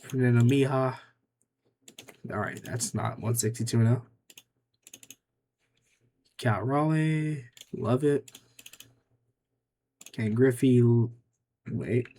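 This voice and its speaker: A man's voice: medium pitch, slow pace, long pauses, warm tone. A young man giving casual gameplay commentary, muttering offhand, dry remarks to himself as he makes picks. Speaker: gaming YouTuber.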